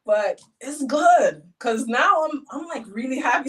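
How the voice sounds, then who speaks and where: Woman, guest, casual storytelling, animated, emotional, fairly high voice, a bit far from the mic. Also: unhurried.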